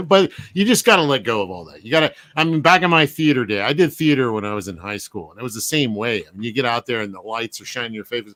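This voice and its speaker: Man host, mid pitch, relaxed, reflective, chuckles, dry close sound. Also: fast, dry recording. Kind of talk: casual chat.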